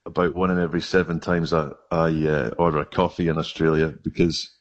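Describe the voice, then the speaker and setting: A man's voice: very deep voice, little pitch movement, brisk, muffled recording. A Scottish man chatting as a radio guest, telling a funny story and laughing along. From Scotland. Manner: storytelling, laughing at his own tale. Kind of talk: casual radio chat.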